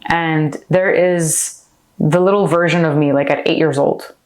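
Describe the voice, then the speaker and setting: Deep-voiced heartfelt woman guest. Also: steady tone, a little slow, a little mellow. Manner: heartfelt, chatty, heavy on fillers like "like". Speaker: podcast guest, actress. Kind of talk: candid personal interview.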